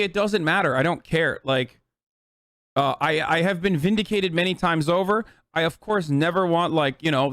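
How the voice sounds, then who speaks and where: Fired-up streamer guy ranting at chat, swears a lot, kinda high voice, dry room. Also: a bit bright, no room sound. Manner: profane, emphatic, repetitive. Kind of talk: heated political rant to chat.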